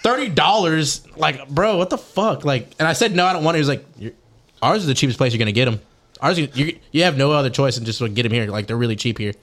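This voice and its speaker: A young man co-hosting a podcast, chatting casually and telling a rambling, animated story with lots of swearing. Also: medium pitch, quick pace. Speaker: podcast co-host. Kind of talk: casual chat.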